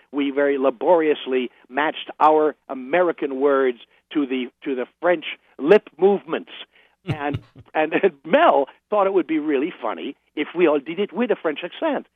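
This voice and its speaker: A man's voice: on the high side, animated, moderate pace, no echo. An older man chatting as a radio guest, telling stories with laughs and restarts. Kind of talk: casual anecdotal interview. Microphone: phone. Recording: phone line.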